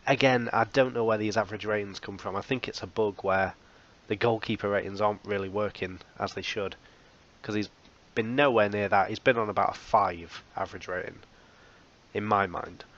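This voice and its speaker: Wry low-voiced man. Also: fairly even intonation, normal speed, fairly bright tone, dull audio. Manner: wry, self-mocking humor. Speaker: let's play host. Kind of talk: casual game commentary.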